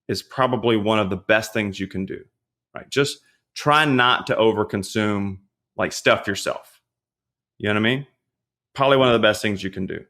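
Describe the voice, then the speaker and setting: A pastor who also works as a fitness trainer joins a podcast as a guest, offering casual nutrition advice. His lowish voice is relaxed and chatty, full of fillers and rhetorical checks like "you know what I mean?"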